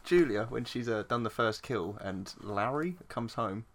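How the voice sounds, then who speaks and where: An English man co-hosting a podcast, chatting casually about a film, sweary, animated and laughing often. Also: lowish voice, measured pace, a little hiss or hum. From England. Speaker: podcast co-host.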